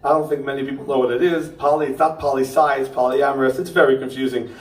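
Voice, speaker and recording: A young man performing a stand-up comedy set, ranting with punchy asides and tagging jokes with a quick "okay?". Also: medium pitch, little pitch movement. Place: pop-up theater stage. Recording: roomy theater sound from far off.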